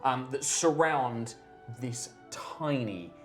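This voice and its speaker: Game master narration, low and lively, over background music. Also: female voice, slow. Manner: rambling, laughing scene description with lots of fillers.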